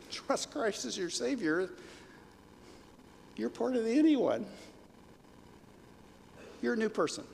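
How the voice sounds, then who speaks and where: A pastor preaching a sermon in a conversational way, rising to emphatic peaks, in a church sanctuary. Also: male voice, sits high, sing-song, takes it slowly, vocal fry, long pauses, a little mellow, a little hiss or hum. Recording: long reverb of a large hall.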